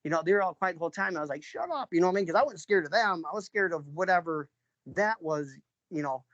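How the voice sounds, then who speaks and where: A man from New York tells his story in a casual, meandering way, leaning on fillers and stopping to clear his throat. His voice sits a bit higher than most men's. The recording is dry and dull, with little room sound and a muffled, lo-fi tone. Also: fast talker, fairly bright tone, no room sound. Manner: rambling, many fillers and restarts, frequent throat clearing. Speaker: interviewee, father recounting an encounter.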